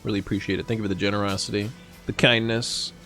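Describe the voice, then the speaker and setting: A young man live streaming, chatting casually with viewers, animated and swearing freely. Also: fairly low pitch, fast, soft background music. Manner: animated, swearing, laughing at his own jokes.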